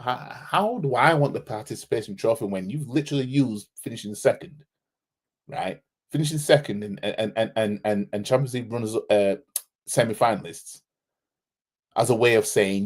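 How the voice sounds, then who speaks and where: A man's voice: on the low side, moderate pace, slightly rough. A man from Yorkshire hosting a football fan live stream, sarcastic and repetitive as he reads out viewer comments and argues with them.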